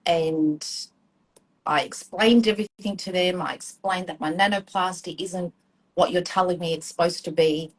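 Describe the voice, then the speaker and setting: A woman's voice: on the low side, breathy edge, poor audio. A woman in her forties with an Australian accent, a hairdresser telling her story in a chatty, rambling way full of ums and acted-out quotes during a live-stream chat. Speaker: hairdresser and student guest.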